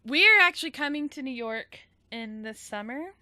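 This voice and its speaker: A woman's voice: high-pitched, lively intonation, moderate pace, bright, forceful tone, no room sound. A woman hosting a podcast, asking questions in an upbeat, casual interview chat and laughing often. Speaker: podcast host.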